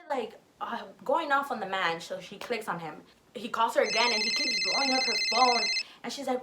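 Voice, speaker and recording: A young woman in her twenties telling a story casually on her vlog, animated and profane, acting out what people said. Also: on the high side, moderate pace. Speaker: vlogger.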